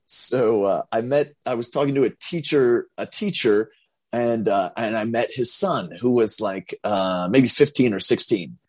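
A man who teaches English online, chatting casually and telling lively stories, acting out the voices of the people in them. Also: medium pitch, measured pace, breathy edge. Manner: animated storyteller, acts out quoted voices. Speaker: English teacher and content creator. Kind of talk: casual chat.

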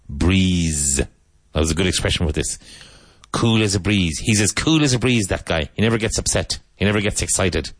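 A man leads an English vocabulary review, giving a word and then repeating it with care. His voice sits very low and moves at an easy, deliberate pace. The sound is dry, with no room around it. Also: no room sound. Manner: repeats words slowly and spells them out. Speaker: English teacher. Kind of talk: slow vocabulary drill lesson.

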